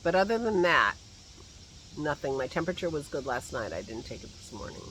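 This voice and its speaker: This garden vlog features a man rambling chattily into a phone at arm's length, laughing to himself and troubled by a slight lingering cough. He speaks a little fast in a fairly high, sing-song voice, with background noise in the recording.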